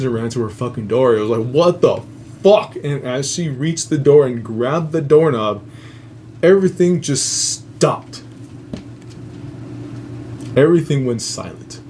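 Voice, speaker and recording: A man telling a spooky family story in a loose, rambling way, swearing often and chuckling at his own asides. His voice sits at an ordinary middle pitch, with a faint hum of background noise behind him. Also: darkish tone. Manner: profane, rambling, laughs at own jokes. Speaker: host. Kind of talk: casual storytelling.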